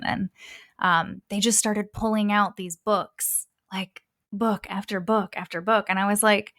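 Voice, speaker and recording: A young woman in a relaxed interview, bouncing through her stories with bursts of laughter. She voices the people in her stories with playful lifts. Her sound is dry and close, with no room around it. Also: mid-range voice, no echo. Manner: animated, acts out quoted dialogue with laughter. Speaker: guest, spiritual reader. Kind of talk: casual interview chat.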